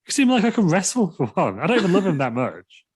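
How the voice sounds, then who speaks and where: A man's voice: high-pitched, wildly swooping pitch, fast talker, husky. A man co-hosting a casual wrestling podcast, blunt, sweary and teasing. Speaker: podcast co-host. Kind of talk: casual wrestling review chat.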